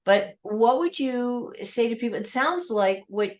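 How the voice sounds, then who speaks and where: A woman's voice: on the high side, lively intonation, measured pace. A woman hosting a podcast, asking follow-up questions built from long lists of everyday examples. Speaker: podcast host. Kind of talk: conversational interview.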